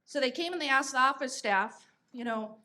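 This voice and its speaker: A woman's voice: sits high, normal speed, sharp tone. A woman in her fifties, a podcast host telling stories in a chatty way, with fillers and restarts. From United States. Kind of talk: conversational storytelling.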